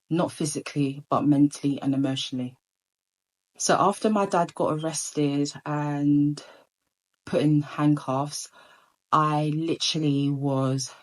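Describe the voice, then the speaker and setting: A woman's voice: sits low, poor audio. A woman telling a personal story in a casual storytime monologue, rambling with many ums and restarts.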